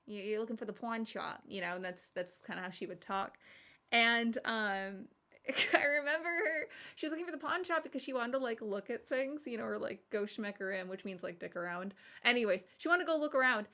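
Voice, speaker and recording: A woman's voice: a little high, brisk. A woman in her thirties chatting casually to stream viewers, telling rambling stories with lots of fillers and laughter. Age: 30s. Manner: rambling, animated storytelling with frequent laughs and fillers. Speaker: streamer and podcast host.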